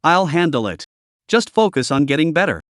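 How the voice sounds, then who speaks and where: A man voicing a stern, calm young male martial master who speaks in a commanding way. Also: fairly high pitch, moderate pace, no echo, clean studio sound.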